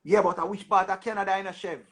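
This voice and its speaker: A young man with a Jamaican accent, hosting a casual livestream and bantering in animated patois, often repeating himself. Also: high-pitched, fast, vocal fry. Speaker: livestream host. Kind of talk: casual livestream chat with callers.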